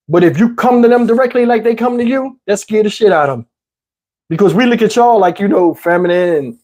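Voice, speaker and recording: A man in his fifties hosting a livestream, telling a story casually and profanely, animated and rambling with many restarts. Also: high-pitched. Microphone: wearing a microphone.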